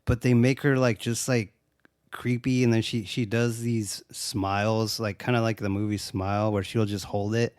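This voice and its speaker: A man's voice: lowish voice, normal speed, dry recording, clean studio sound. A man co-hosting a casual podcast, recapping a horror movie with lots of swearing and acted-out lines. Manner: excitable, swears a lot, acts out lines from the film. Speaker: podcast co-host.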